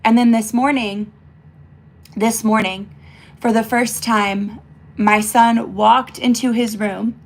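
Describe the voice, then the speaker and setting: A woman's voice: fairly high pitch, fairly even intonation, slow. Young mom vlogger, emotional and choked up, talks while doing her makeup, loose and rambling. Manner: emotional, rambling with many fillers and restarts. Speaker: mother vlogging.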